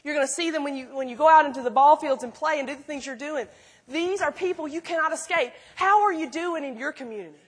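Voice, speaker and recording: A middle-aged woman giving an animated, folksy sermon, telling stories to a school audience. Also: sits high, fast. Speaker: speaker at a school chapel. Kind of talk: sermon with storytelling.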